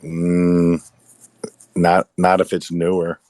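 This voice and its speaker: A man's voice: low-pitched, monotone, slow, darkish tone, dry recording. A middle-aged man in casual podcast chat, rambling, repeating words and sighing between thoughts.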